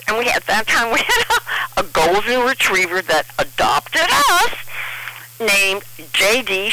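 Middle-aged woman, bright voice, animated pitch, rambling personal storytelling, emotional. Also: poor audio. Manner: rambling, emotional, restarts often.

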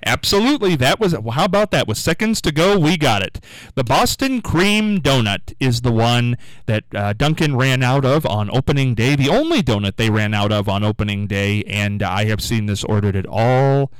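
A man's voice: mid-range voice, animated, normal speed, smooth, no echo, low-quality recording. A man hosting a call-in radio show, chatty and upbeat as he banters with a caller. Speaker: radio host.

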